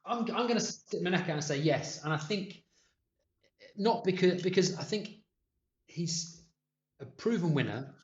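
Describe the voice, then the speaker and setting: A man, a podcast guest telling lively football anecdotes in a chatty way. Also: high-pitched. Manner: animated anecdotes, quick and chatty. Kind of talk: casual storytelling. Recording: muffled, echoey room.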